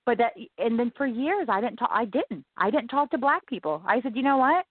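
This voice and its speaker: A woman's voice: fairly high pitch, animated, fairly quick, husky, dry recording. A woman guest from the American South telling her own life story in an interview, earnest and emphatic, often repeating herself. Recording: tinny phone-like line.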